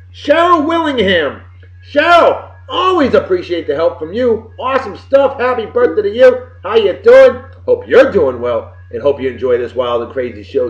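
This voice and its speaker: Brief: middle-aged male web-show host, rowdy and folksy, very lively pitch, dull lo-fi audio. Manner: boisterous, folksy, swearing, wisecracking. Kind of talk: casual birthday shout-outs on a web show. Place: home room with computer behind him. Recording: roomy, dull lo-fi webcam audio.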